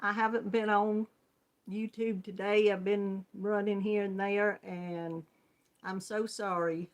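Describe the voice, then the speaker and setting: A woman's voice: mid-range voice, level tone, takes it slowly. A middle-aged woman with a Southern US accent hosting a crochet channel, chatting with viewers in a friendly way, often laughing and calling them hon. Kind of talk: casual chat greeting viewers.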